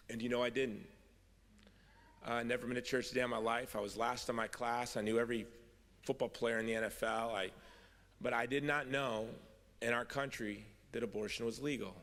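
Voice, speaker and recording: A man's voice: mid-range voice, steady tone, brisk, a bit bright. A middle-aged man giving a personal testimony speech at a convention, telling his story with wry humour that turns earnest. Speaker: convention speaker. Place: large hall. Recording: long hall reverb.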